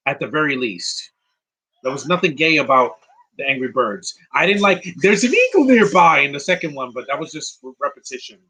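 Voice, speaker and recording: A man giving casual live movie commentary, rambling and answering viewers' questions with quick opinions. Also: fairly high pitch, sharp tone, husky, rough recording.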